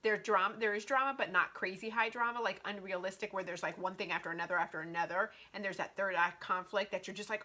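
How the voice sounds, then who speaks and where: A woman's voice: mid-range voice, fast talker, hardly any pauses. A woman chatting animatedly about a romance novel in a casual book review vlog, with lots of "like" between her thoughts. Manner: chatty and animated, heavy use of "like".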